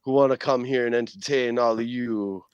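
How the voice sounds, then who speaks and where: A man's voice: medium pitch, steady tone, normal speed, clear, resonant tone, dry recording, highs cut off, natural voice. A man doing a swaggering wrestler with a put-on Jamaican accent. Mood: boastful. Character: boastful male wrestler impression in a thick Jamaican accent.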